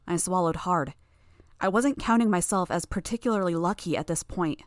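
A woman narrating a first-person novel in a tense, steady reading. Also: fairly low pitch, normal speed, no room sound, studio quality. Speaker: audiobook narrator.

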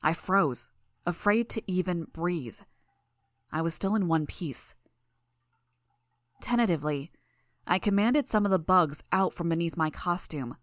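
A woman reads a tense first-person action story aloud. Her voice sits a little low for a woman and stays steady. The sound is dry and close, with no room echo. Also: measured pace, long pauses. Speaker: audiobook narrator. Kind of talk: first-person fan audiobook narration.

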